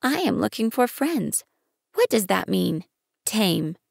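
A woman voicing a gentle, curious young boy prince in an audiobook, asking questions in a soft, wondering way. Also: medium pitch, sing-song, slow pace, creaky, dry recording, studio quality, heavily acted. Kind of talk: audiobook reading.

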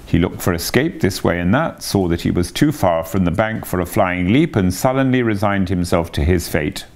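A man reading a classic children's book aloud in an animated, expressive way. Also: deep voice, moderate pace, gravelly, hardly any pauses. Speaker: storyteller.

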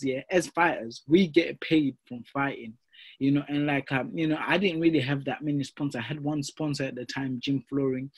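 Man, husky voice, boxer being interviewed, animated storyteller, lots of fillers. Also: mid-range voice. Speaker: professional boxer, interview guest.

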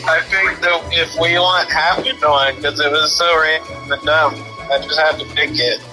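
A man's voice: fairly high pitch, steady tone, normal speed, over music, low-quality recording. A man playing a party game on a stream, chatting casually and playfully. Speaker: co-player.

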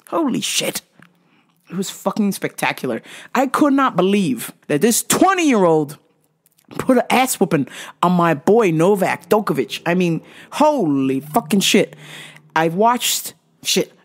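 A woman hosting her own show, ranting casually and comically with lots of swearing and frequent laughter. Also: lowish voice. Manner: profane, animated, laughs often. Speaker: host. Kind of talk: casual comedic rant.

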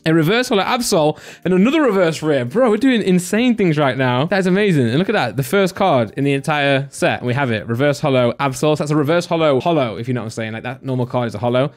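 A man's voice: on the high side, fast talker, hardly any pauses, soft background music. Chatty man opening card packs. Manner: chatty and excitable, with many fillers like "like" and "you know". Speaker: card-opening channel host. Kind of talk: casual pack-opening commentary.

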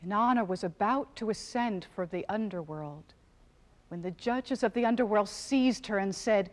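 A woman's voice: mid-range voice, moderate pace. A woman storyteller performing an ancient epic in a rhythmic, incantatory way, sometimes dropping to a whisper.

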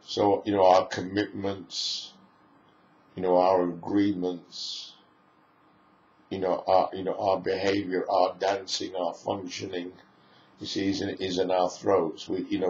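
A man's voice: deep voice, darkish tone, slight background noise. A man giving a spoken lecture in a musing way, piling up lists of phrases as he goes. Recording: echoey room, dull lo-fi sound.

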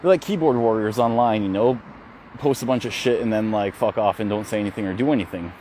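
Holding his phone while walking his dogs down a city street, a man vlogs casually, telling a story frankly and with feeling, swearing and restarting as he goes. His voice is on the low side, fast, and a little mellow, with a little hiss or hum in the audio.

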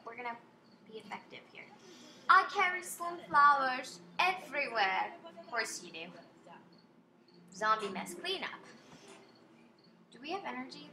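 A woman's voice: medium pitch, pushed and bright, a little hiss or hum. A woman giving casual, jokey commentary while playing a game, reacting aloud as she goes. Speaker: gamer.

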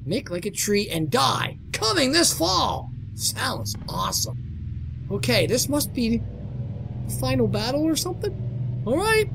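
A man doing jokey, excitable let's play commentary, exclaiming and talking to himself while playing a horror game. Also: extremely high pitch, a little slow, vocal fry, background noise. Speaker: gamer doing a playthrough. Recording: game music playing behind. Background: game music.

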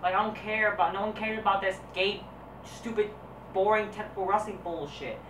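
A woman's voice: mid-range voice, steady tone, fairly quick, a bit bright, slight background noise. A foul-mouthed woman ranting from across a room. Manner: crude, swearing, dismissive and combative. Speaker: wrestling review vlogger. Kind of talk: profane ranting review. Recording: roomy echo, voice distant from mic.

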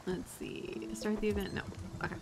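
A young woman playing a game on stream, excitable and foul-mouthed, gasping and exclaiming as she goes. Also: medium pitch, moderate pace, noisy background. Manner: excitable, swears freely, gasps and exclaims. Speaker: gaming streamer. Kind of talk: casual gameplay commentary. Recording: game music loud behind voice. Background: game music.

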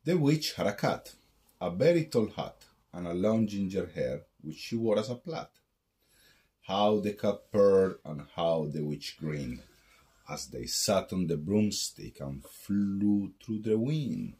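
A man's voice: low-pitched, expressive, slow pace, mellow. A man reading a rhyming picture book aloud at bedtime in a sing-song storytelling way.

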